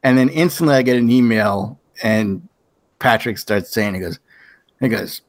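A man's voice: on the low side, normal speed, no room sound, studio quality. A man hosting a podcast in casual chat, telling long rambling stories and acting out quoted back-and-forths. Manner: rambling storyteller who acts out quoted exchanges. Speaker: podcast host.

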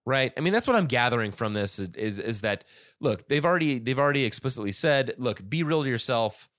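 A man's voice: mid-range voice, expressive, brisk, fairly bright tone, dry recording, clean studio sound. A man hosting a casual podcast about a music album, rambling with many restarts and fillers. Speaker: podcast host.

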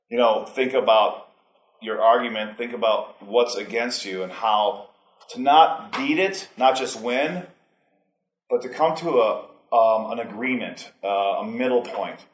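A man speaking at a group meeting, talking casually and rambling, getting heated at times. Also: on the low side. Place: meeting hall. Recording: echoey meeting room.

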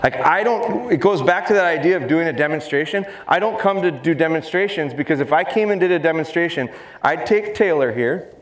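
Lively man giving a seminar in a roomy hall. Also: fairly high pitch. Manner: fast, lively, joking with the crowd. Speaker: dog trainer giving a seminar. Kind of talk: live seminar talk to an audience. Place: large expo hall. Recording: roomy live hall sound, faint noise.

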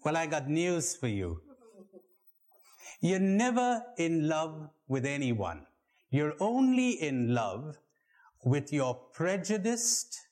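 A man leading a spiritual retreat, telling stories and acting out the voices in his jokes for a live audience, in an archive recording. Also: a little high. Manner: animated storyteller, acts out joke voices. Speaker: retreat leader.

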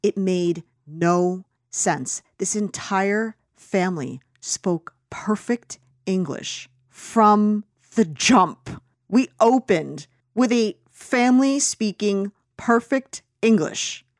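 A woman's voice: medium pitch, lively intonation, takes it slowly, no echo, clean studio sound. A woman chatting casually and ranting about a film, full of fillers and restarts. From United States. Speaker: podcast co-host reviewing a film. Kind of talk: casual opinionated chat.

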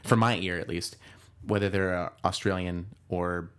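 A man's voice: low-pitched, fairly even intonation, normal speed, clear, resonant tone. A man co-hosting a podcast, talking casually and candidly, often restarting his sentences. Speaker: podcast co-host. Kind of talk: casual chat.

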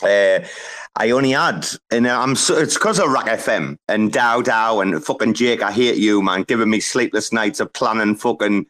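A man's voice: on the low side, moderate pace, a bit bright. A man hosting a casual chat, joking around and swearing freely. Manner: loose, swearing, joking banter. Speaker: host.

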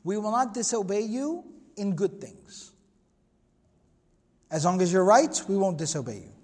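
High-voiced man lecturing in an echoey hall. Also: breathy edge. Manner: earnest, explanatory, with Arabic quotations. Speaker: Islamic lecturer. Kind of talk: religious history lecture.

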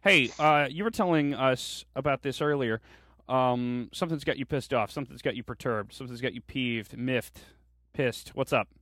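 A man's voice: medium pitch, moderate pace, a bit bright, no room sound. A man co-hosting a casual podcast, joking, teasing and swearing freely. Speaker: co-host.

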